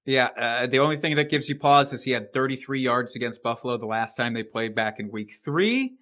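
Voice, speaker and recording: A man's voice: mid-range voice, expressive, brisk, pushed and bright. A man co-hosting a podcast, joking and swearing casually while discussing football. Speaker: podcast co-host. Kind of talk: casual sports betting chat.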